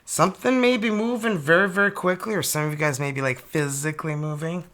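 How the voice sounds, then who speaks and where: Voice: mid-range voice, steady tone, fast, fairly bright tone. A tarot reader from Canada giving a casual, chatty reading and exclaiming over each card as it turns up.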